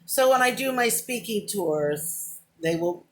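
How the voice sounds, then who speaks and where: A slightly high, lively voice comes from a middle-aged vlogger who takes it slowly, with a bit of background noise behind her. Talking to a camera within arm's reach, she rambles by her own account, wanders between thoughts with "but anyway," and is openly emotional about crying.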